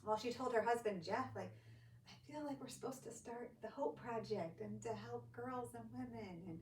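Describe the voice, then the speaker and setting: A woman's voice: fairly high pitch, moderate pace. A woman guest and ministry director, telling a story in casual talk and acting out what others said. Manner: animated storyteller acting out quoted voices. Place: church studio or room. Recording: echoey room, distant mic, faint hiss.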